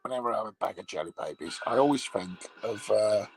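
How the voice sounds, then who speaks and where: A man playing a crude male troll, delivering a rambling, swear-filled comedy monologue in a gravelly, husky voice. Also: on the low side, quick pace, poor audio.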